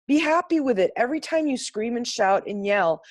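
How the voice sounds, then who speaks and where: A woman's voice: a little high, animated, fairly quick, no room sound. A woman giving an impassioned, blunt spiritual talk to a group on a video call, swearing freely and pressing her points hard. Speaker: class participant sharing insights.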